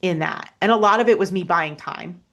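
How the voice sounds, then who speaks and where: A woman, a podcast guest, telling a personal story in an earnest, halting way, with many restarts and fillers. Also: lowish voice, fairly bright tone.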